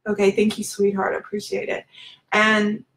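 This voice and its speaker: A woman's voice: mid-range voice, monotone, moderate pace, a bit bright, rough recording. A woman giving a candid, confessional talk to her viewers on a live video, speaking informally and addressing them directly as a spiritual self-help speaker. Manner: informal, many fillers and restarts.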